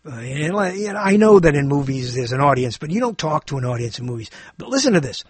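Husky-voiced older man hosting a rambling talk show. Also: on the high side, sing-song, a little fast, no echo. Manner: theatrical, digressive, repeats phrases. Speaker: radio show host. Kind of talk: rambling monologue.

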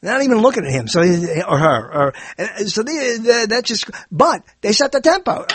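A man giving a rambling spoken monologue, animated and digressive, often correcting himself mid-sentence. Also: high-pitched, normal speed, husky, no echo. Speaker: monologue speaker.

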